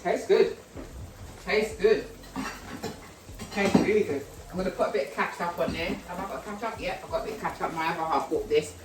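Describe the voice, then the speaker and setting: Vlogger: London woman, lowish voice, chatty cooking talk, echoey kitchen away from mic, frying behind. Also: quick pace, distant mic, background noise. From South London, England. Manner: chatty, self-deprecating, talks while cooking. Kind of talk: casual cooking vlog chat. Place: home kitchen. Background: frying and sizzling food.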